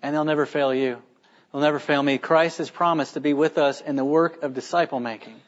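A man's voice: on the high side, fairly even intonation, a little fast. A man preaching a sermon as pastor, earnest and emphatic, asking the listeners rhetorical questions. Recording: dull lo-fi sermon recording.

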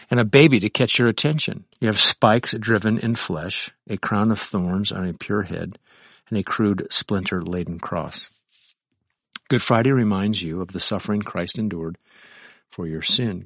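A man with a fairly low voice delivers a sermon in a conversational way. He reads aloud and breaks off into lively, chuckling asides. The sound is dry and close, with little room echo. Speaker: pastor.

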